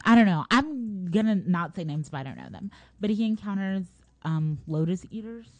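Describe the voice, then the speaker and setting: A woman's voice: mid-range voice, animated, normal speed, dry recording. A young woman casually retelling a story in a rambling, slangy way, full of fillers and laughs.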